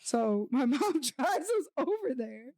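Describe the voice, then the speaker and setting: A young woman with a high voice tells a story on a casual podcast. She is animated and chatty, filling her lines with "like", and her voice sounds dry and close. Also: slow, dry recording. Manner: animated, chatty, many filler "like"s. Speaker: podcast co-host.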